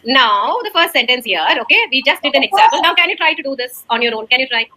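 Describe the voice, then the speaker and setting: A woman's voice: high voice, expressive, fast, pushed and bright, rough recording. A woman giving a demo class to a young child. She is encouraging and keeps checking in with "okay?".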